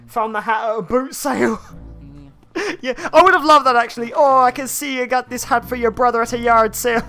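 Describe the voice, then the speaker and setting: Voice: mid-range voice, fairly bright tone. A game streamer, giving casual live gameplay commentary, explaining and greeting viewers in chat.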